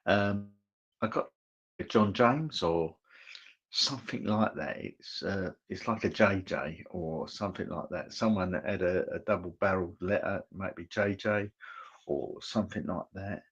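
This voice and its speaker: Slow, low-voiced male medium. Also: husky, dull audio. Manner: halting and hesitant, checking in with "okay?"; gentle and reassuring. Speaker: spiritualist medium. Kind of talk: giving clairvoyant messages in an online church service.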